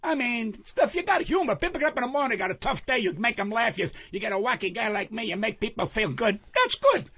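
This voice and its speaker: Older man, comedian ranting on the radio, high gravelly voice, muffled broadcast sound. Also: quick pace, few pauses, fairly bright tone, no echo. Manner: profane, hostile, booming and combative. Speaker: guest comedian. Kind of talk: radio talk show rant.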